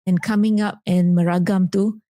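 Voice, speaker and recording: A woman's voice: medium pitch, steady tone, normal speed, dark tone, dry recording, clean studio sound. A Malaysian woman, a parent, co-hosting a casual podcast and thoughtfully sharing a family memory. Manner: reflective, tells a family memory.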